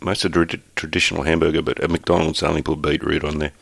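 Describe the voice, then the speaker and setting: Aussie bloke rambling on a podcast, real low voice, dead dry mic. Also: male voice, little pitch movement, fast, creaky, a bit bright, breathy edge, dry recording. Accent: Australian. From Australia. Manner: laid-back, rambling, with frequent ums. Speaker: podcast co-host. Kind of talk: casual chat.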